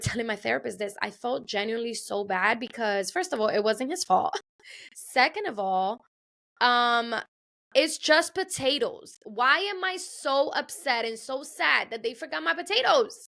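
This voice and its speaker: A woman's voice: fairly high pitch, animated, moderate pace, creaky, pushed and bright. A woman hosting a podcast, telling a personal story in a chatty, casual way and repeating phrases for emphasis. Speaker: podcast host. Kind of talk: casual solo podcast monologue.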